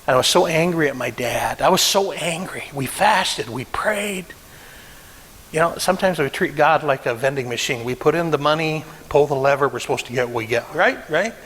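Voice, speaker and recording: A man's voice: fairly high pitch, expressive, moderate pace, fairly bright tone, long reverb tail, a little hiss or hum, low-quality recording. A middle-aged man preaching a sermon, telling a personal story with emotion and acting out the voices he quotes. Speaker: pastor.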